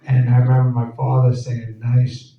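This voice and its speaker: An actor guesting at a Q&A tells rambling, laughing anecdotes on stage to a live audience in an event hall. He speaks in a mid-range voice with a steady tone at a moderate pace. The sound is echoey, dull and distant, with heavy background noise.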